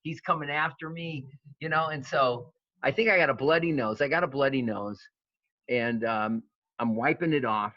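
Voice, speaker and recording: A man in his fifties, a wrestling coach, telling stories in an interview, animated and full of fillers and restarts. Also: mid-range voice, normal speed, dry recording. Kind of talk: storytelling interview. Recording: dull lo-fi sound, dry.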